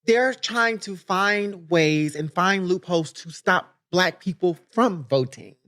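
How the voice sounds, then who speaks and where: A man co-hosting a casual podcast discussion, with expressive and sassy interjections. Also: sits high, slow pace. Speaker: podcast co-host.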